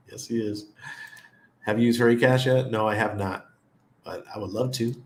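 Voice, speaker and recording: A middle-aged man chats casually on a livestream. His voice sits in an ordinary middle range, and he speaks with relaxed, rambling ease, often stopping to laugh. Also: mid-range voice, creaky, reverberant. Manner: chatty, laughs often, greets viewers by name. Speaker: livestream host.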